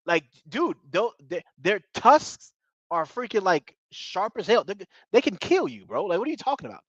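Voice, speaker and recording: A man's voice: sits high, sing-song, normal speed, no echo. A man casually recapping a reality show in slangy talk, laughing often. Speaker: TV show reviewer. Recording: dull lo-fi dry audio.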